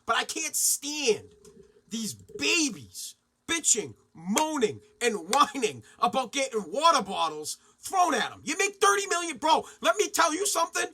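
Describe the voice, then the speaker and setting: A man hosting a podcast, ranting excitably and swearing freely in a casual style. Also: extremely high pitch, unhurried. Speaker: podcast host.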